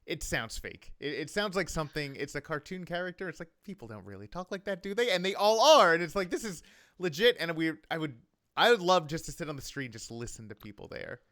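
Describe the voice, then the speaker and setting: A man's voice: on the high side, expressive, brisk, fairly bright tone. A man co-hosting a podcast, chatting casually and laughing often. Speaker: podcast co-host. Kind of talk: casual chat.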